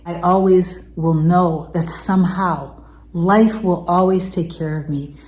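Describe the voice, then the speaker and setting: A woman's voice: lowish voice, fairly even intonation, unhurried, darkish tone, echoey room. A woman coaching viewers in a heartfelt motivational talk, repeating affirmations in an earnest, emotional way. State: tearful, emotional. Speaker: manifestation coach.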